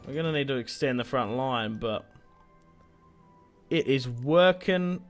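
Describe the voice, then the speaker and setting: Young aussie bloke narrating his strategy game, cracks jokes and swears a lot, middle pitch, bit of music in the back. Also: expressive, measured pace. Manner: joking, profane, rambling. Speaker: gaming video host. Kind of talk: casual gameplay commentary.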